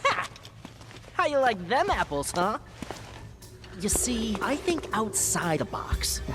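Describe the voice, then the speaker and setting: A cackling, gloating photographer villain. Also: male voice, high voice, big pitch swings, takes it slowly, music in the background, heavily acted. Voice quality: mocking, cackling laughter. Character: vain, gloating young male photographer villain.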